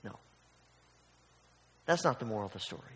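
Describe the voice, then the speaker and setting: A man's voice: on the low side, animated, a little fast, big-room sound. A man preaching a sermon in a conversational, storytelling way, acting out the voices in his stories. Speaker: pastor.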